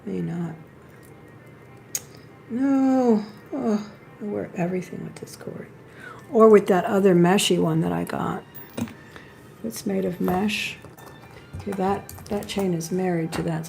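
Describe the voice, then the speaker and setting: A woman's voice: fairly low pitch, fairly even intonation, slow pace, gravelly, long pauses, dark tone, soft background music. A woman hosting a live jewelry sale, chatting and admiring each piece as she shows it. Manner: chatty, admiring, talks while handling pieces. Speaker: live-stream jewelry seller.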